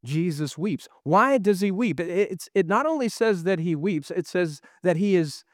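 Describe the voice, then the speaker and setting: A man's voice: sits high, animated, moderate pace, no echo. Earnest male pastor preaching, dry sound. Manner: earnest preaching with rhetorical questions. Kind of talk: sermon.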